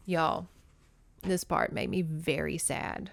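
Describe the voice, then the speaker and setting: A woman's voice: medium pitch, animated, measured pace, fairly bright tone, clean tone, no room sound, studio quality. A woman hosting a podcast, giving an emotional casual recap of a novel and talking straight to her listeners. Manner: gushing and emotional, talks to listeners as y'all. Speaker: podcast host.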